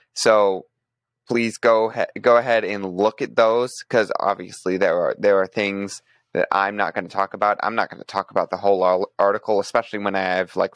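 Guy with a lowish voice on a podcast, dry close sound, lots of restarts and ums. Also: a bit bright, no room sound. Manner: thinks aloud, frequent restarts and fillers. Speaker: podcast co-host presenting news. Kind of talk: casual podcast discussion.

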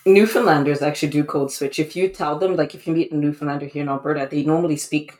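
Relaxed podcast talker with restarts. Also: mid-range voice, fast talker. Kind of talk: casual conversation.

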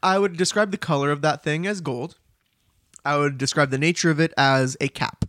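A man's voice: on the high side, steady tone, brisk, a bit bright, no echo, clean studio sound. A man co-hosting a podcast in casual chat, playful and jokey, laughing often. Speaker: podcast co-host.

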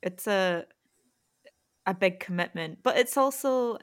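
A woman's voice: mid-range voice, lively intonation, unhurried. A young woman with a Scottish accent hosting a casual podcast chat, asking questions and laughing easily. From Scotland. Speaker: podcast host.

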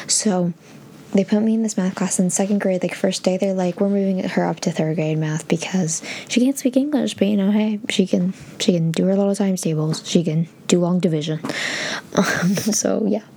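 A woman's voice: mid-range voice, warm tone, a little hiss or hum. An eighteen-year-old woman, a native Spanish speaker, rambling chattily as she tells stories from her childhood to her viewers. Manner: rambling, chatty, frequent "like" and "oh my God". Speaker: vlogger. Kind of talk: casual storytelling to camera.

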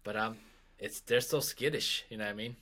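A man's voice: on the low side, a little fast, sharp tone. A man, a guest on a podcast, chatting casually in a rambling, joking way and thinking aloud. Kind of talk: casual conversation.

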